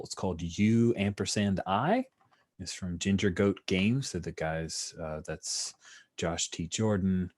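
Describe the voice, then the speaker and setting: A man narrating a tabletop role-playing game as game master, animated and often laughing. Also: fairly low pitch.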